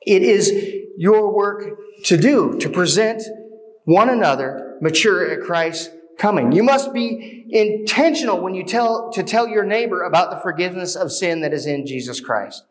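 A man's voice: high voice, moderate pace, fairly bright tone. Earnest man preaching a sermon. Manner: earnest, exhorting with rhetorical questions. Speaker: pastor.

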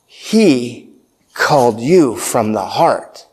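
A pastor preaching a sermon, emphatic, repeating key phrases and checking in with "right?". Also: male voice, mid-range voice, big pitch swings, very slow, a little mellow, breathy edge.

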